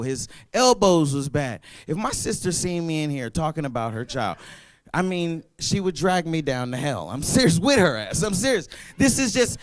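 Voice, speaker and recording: A young man doing an open mic stand-up set, animated and loud, throwing apologetic asides to the crowd. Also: high voice, dry recording. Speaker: stand-up comedian. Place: comedy club stage.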